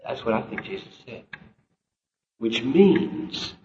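A man's voice: medium pitch, animated, takes it slowly, pauses often, dark tone, distant mic, slight background noise. A man preaching a sermon as pastor, emphatic and climbing to impassioned peaks. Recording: roomy, dull live sermon recording.

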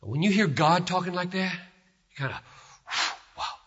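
A man preaching a sermon, swinging from hushed tones to shouts with an emphatic, repetitive cadence. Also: sits high, expressive, unhurried, slightly rough. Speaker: pastor. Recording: reverberant hall, dull lo-fi sound.

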